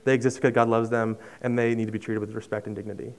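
A young man giving a sermon, telling a personal story in an earnest, conversational way with many fillers and restarts, dropping to a soft hush on emotional lines. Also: lowish voice, flat delivery, racing. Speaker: preacher.

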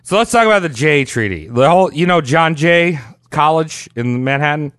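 A man's voice: a little high, lively intonation, moderate pace, a bit bright, dry recording, studio quality. A man co-hosting a casual comedic history podcast, explaining events at length with crude jokes and frequent laughs.

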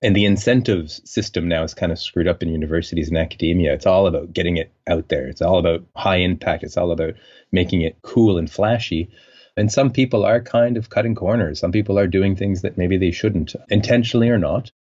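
Deep-voiced man on dull lo-fi audio. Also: fairly quick, a little mellow. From French Canada. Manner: thoughtful, rambling, frequent fillers. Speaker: scientist guest. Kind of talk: conversational interview.

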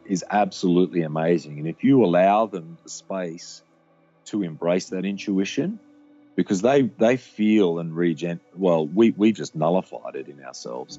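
A man, a podcast guest, talking reflectively about parenting in a halting, filler-heavy way. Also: low-pitched, dark tone, slightly rough, muffled recording. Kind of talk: casual conversation.

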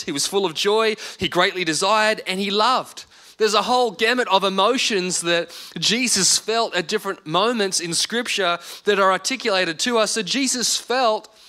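A man's voice: sits high, sharp tone. A man in his thirties preaching a sermon as pastor, earnest and repeating words for emphasis.

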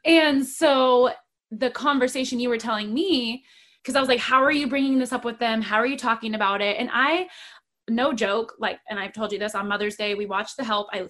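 Chatty, slightly high-voiced woman host. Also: fairly quick, fairly bright tone. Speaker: podcast host. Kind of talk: casual conversation.

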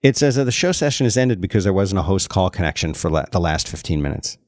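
A man hosting a podcast, chatting casually in an animated way and often restarting his sentences. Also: deep voice, quick pace, no echo, clean studio sound. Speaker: podcast host.

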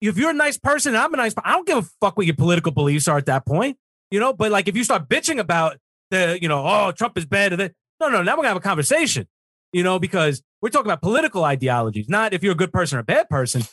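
A man's voice: sits high, very animated, racing, fairly bright tone, breathy edge, no echo, studio quality. A man on a political talk show, ranting heatedly and swearing emphatically.

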